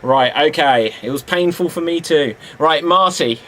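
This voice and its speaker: A man's voice: on the high side, normal speed, fairly bright tone. A man hosting an improv game in a casual, hesitant way, laughing often between jokes. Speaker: improv host. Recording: faint background noise.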